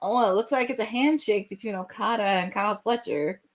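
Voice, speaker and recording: Speaking a little fast in a mid-range voice, a young woman runs a live wrestling watch-along. She delivers excitable commentary that bursts into shouts when big moments hit.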